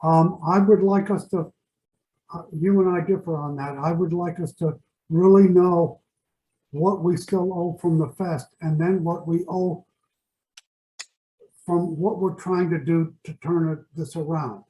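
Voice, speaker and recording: A man's voice: on the high side, steady tone, unhurried, mellow, rough recording. A man on a video call with the hiccups, insistently stating his preferences in a board meeting. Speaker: board member. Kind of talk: business meeting discussion.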